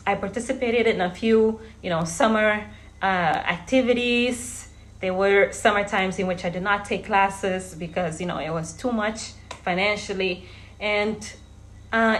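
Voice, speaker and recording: Woman, 30s, from Verde, casual storytelling vlogger, chatty, middle-pitched voice. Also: fairly bright tone. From Cape Verde. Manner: chatty, often addresses viewers as guys, laughs while telling stories.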